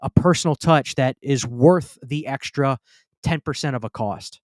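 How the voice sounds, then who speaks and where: A Southern US man hosts a casual live Q&A stream, chatting, reading viewer comments aloud and stammering through restarts. His mid-range voice keeps a measured pace, captured on a close studio mic with studio quality and no room sound.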